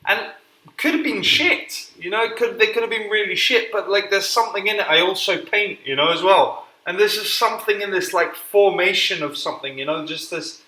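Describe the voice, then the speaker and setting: A man's voice: high voice, fairly quick, sharp tone, echoey room, poor audio. A man rambling and swearing through a casual solo podcast while cooking at home, self-deprecating and unpolished. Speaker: podcast host.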